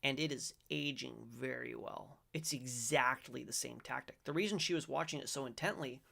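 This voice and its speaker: A man's voice: medium pitch, normal speed, creaky, pushed and bright. A middle-aged man hosting a faith-based commentary show, reading aloud and reacting in a rambling, self-correcting way with sudden emphatic bursts.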